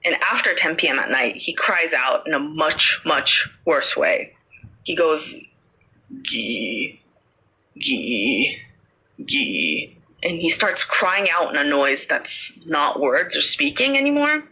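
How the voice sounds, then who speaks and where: A woman tells a ghost story in a chatty, casual way, with many fillers. Her voice is bright and a little husky. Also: low voice, animated, a little slow, rough recording. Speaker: podcast host.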